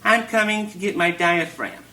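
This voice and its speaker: A man voicing his insistent ex-girlfriend on the phone, repeating herself flatly in a live reading. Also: on the low side, moderate pace, a little hiss or hum.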